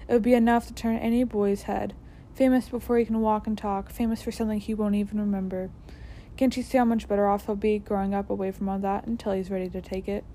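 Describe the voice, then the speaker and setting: Wise old headmaster wizard, steady and mellow; woman reading aloud. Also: mid-range voice, fast, a little hiss or hum, lightly acted. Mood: calm.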